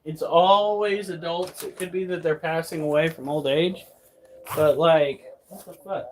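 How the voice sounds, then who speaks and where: Male vlogger, raised pitch, profane and exasperated casual rant. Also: fairly even intonation, normal speed, a little hiss or hum. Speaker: pet keeper vlogger. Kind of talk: casual ranting chat.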